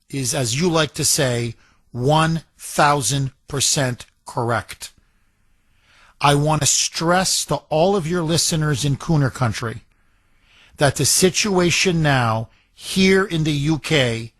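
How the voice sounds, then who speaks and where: A man hosting a talk radio show, reading a listener's letter aloud with slow, emphatic delivery and repeated lines for weight. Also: on the high side, a bit bright, no echo.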